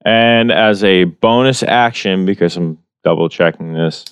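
Low smooth male player, hesitant casual talk, dry recording. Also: measured pace, dry recording. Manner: hesitant, many "uh" and restarts. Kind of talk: tabletop game play, casual chat.

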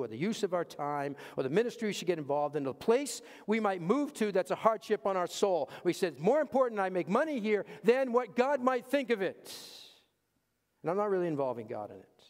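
A man with a notably high voice preaches to his church. He leans hard on repeated phrases and swings from hushed asides to raised, pointed lines. His words ring out with the long reverb of a big sanctuary. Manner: emphatic, repeats key phrases, swings between quiet asides and raised punchlines. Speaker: pastor. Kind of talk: sermon. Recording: long reverb of a large hall.

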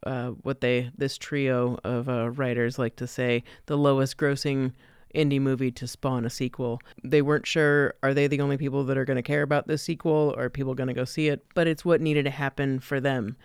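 A man's voice: medium pitch, little pitch movement, a little fast, clear, resonant tone, no echo, clean studio sound. A male podcast co-host recounting film background facts in a film discussion.

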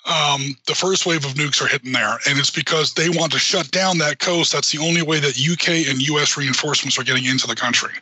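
A man's voice: on the high side, fairly quick, hardly any pauses, bright, forceful tone, breathy edge, dry recording, rough recording. A man co-hosting a podcast, rambling knowledgeably through a casual chat with lots of fillers and restarts. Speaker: podcast co-host.

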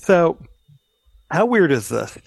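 A man co-hosting a casual podcast chat, telling stories in an upbeat, animated way. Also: fairly high pitch, takes it slowly, gravelly, breathy edge, no room sound. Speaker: podcast co-host.

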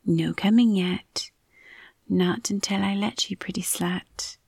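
A woman voicing a dominant man's clipped orders in her own low whisper-tinged voice, as part of a whispered role-play. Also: little pitch movement, slow, vocal fry, slightly rough, no room sound, clean studio sound, full character voice. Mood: commanding. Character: commanding dominant man, stern and controlling.

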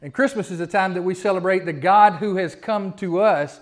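A pastor preaching a sermon, his voice sitting a little high for a man. He talks in a folksy way, repeats his words and presses his points with rising emphasis. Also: moderate pace. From Southern United States.

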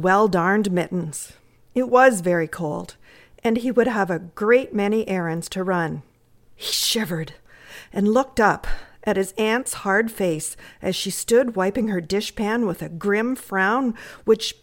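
A woman from Canada reading a classic short story aloud, measured and expressive. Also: medium pitch. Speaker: reader.

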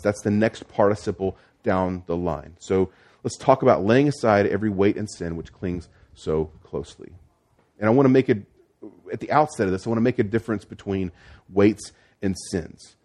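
A man's voice: fairly low pitch, moderate pace, a little mellow. A man preaching a sermon as pastor, explaining the text step by step with frequent restarts and fillers.

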